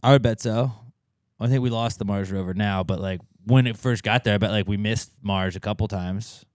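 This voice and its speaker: In a fairly quick delivery, a male podcast co-host swaps stories in relaxed chat, voicing quotes with large leaps in pitch. There's no echo, and the sound is studio quality.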